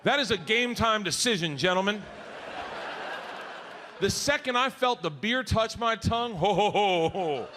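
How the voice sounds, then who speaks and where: A man's voice: high-pitched, lively intonation, measured pace, long pauses, bright, forceful tone, a little hiss or hum. A middle-aged man doing rowdy, profane stand-up storytelling on a comedy stage.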